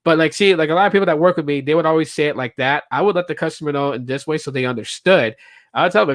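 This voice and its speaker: This is a quick-paced man with a higher-pitched voice, heard in clean studio sound without echo. Hosting a solo podcast in a casual, rambling style, he piles on fillers and restarts while performing what customers and reps said.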